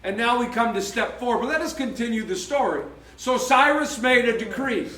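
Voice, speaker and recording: Man, pastor, sermon, very high voice, animated storytelling, echoey church hall, heard from a distance. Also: normal speed. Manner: animated storytelling, acting out biblical characters' voices. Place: church sanctuary.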